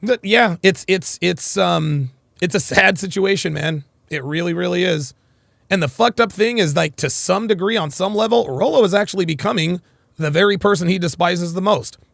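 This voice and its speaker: Hoarse livestream guy, gravelly and a bit high, rambles and swears, dry sound. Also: normal speed, a bit bright, dry recording. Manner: rambling, repeats phrases, swears; reads out chat comments. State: hoarse, nearly lost voice. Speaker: livestream host. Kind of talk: casual livestream commentary.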